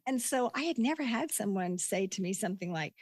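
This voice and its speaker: An older woman, a life coach, telling stories in a relaxed interview, acting out quotes with lots of laughter. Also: mid-range voice, brisk, no room sound. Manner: animated storytelling, acts out quotes, laughs often. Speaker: podcast guest, life coach. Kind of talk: conversational interview.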